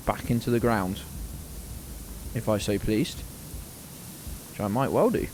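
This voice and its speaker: A man's voice: lowish voice, huge pitch swings, normal speed, long pauses, slight background noise. A British man giving casual, sarcastic and sweary commentary while streaming a video game. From Britain.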